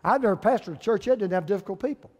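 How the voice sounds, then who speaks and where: A male pastor, preaching a sermon with folksy humor and lively storytelling. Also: sits high, racing, in a large hall.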